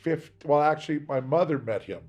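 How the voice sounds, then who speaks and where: A man's voice: a little high, expressive, brisk, darkish tone, soft background music. A man from Seattle giving a candid, rambling interview, acting out the voices of people he quotes. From Seattle, USA. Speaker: interviewee, singer.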